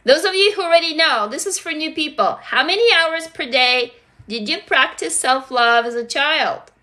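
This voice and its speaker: Russian-born woman host, casual live chat, swears a lot, bright tone. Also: high-pitched, normal speed. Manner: energetic, swears freely, greets viewers. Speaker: livestream host.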